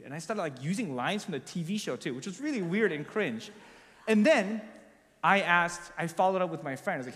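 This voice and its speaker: A man's voice: sits high, lively intonation, fairly quick, long reverb tail. A young man preaching, telling a personal story in a casual, confessional way with lots of filler words.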